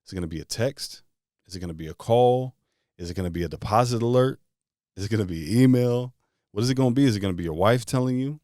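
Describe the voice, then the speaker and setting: A man's voice: sits low, a little mellow, no room sound, clean studio sound. A man guiding a visualization exercise, firing off casual questions one after another. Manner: string of rapid questions, casual phrasing. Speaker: motivational speaker. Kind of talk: guided visualization talk.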